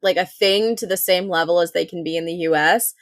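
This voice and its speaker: A woman co-hosting a podcast in casual chat, heavy on fillers and quick agreeing murmurs, swearing now and then. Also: on the low side, no echo, clean studio sound. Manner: lots of filler words and affirming murmurs, occasional swearing. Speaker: podcast co-host. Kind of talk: casual chat recapping a TV episode.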